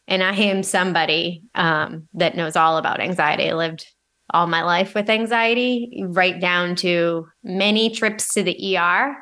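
A woman's voice: on the low side, pushed and bright. A woman co-hosting a podcast, talking in an earnest, reflective way in casual chat. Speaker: podcast co-host, energy healer, nurse.

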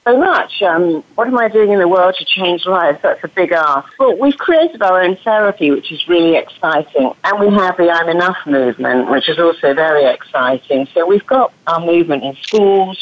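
A woman's voice: lowish voice, highs cut off. A woman with an English accent, a guest therapist telling her story in an enthusiastic, chatty way. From England. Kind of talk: podcast interview.

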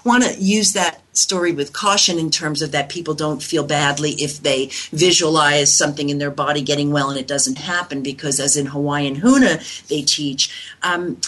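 A New York woman in her sixties, a reflexologist appearing as a guest, tells stories while answering interview questions. Her voice sits low with a steady tone, moderate pace and a slightly bright quality, and she rambles with lots of fillers and restarts.

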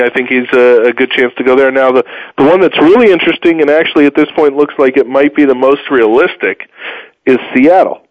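Opinionated male sports talk host. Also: no echo. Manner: opinionated, rambling, animated pitch jumps. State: tired, low energy. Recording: dull muffled dry sound.

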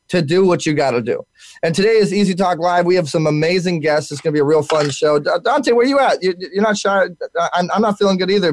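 A man hosting a live internet talk show, energetic and full of fillers and repeated words, while sick. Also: a little high, dry recording.

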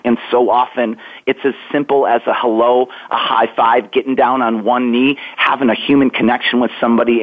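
A man in his forties, a guest author, telling a story in an earnest, reflective way and slowing down for emphasis. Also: lowish voice. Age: 40s. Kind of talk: storytelling interview answer. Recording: tinny phone line.

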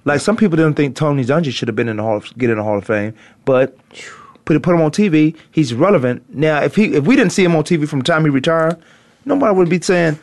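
A man's voice: a little high, expressive, fast talker. A man hosting a casual sports talk show, joking around and talking in loose slang. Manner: laid-back, joking, talks in loose slang. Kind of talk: casual sports radio banter.

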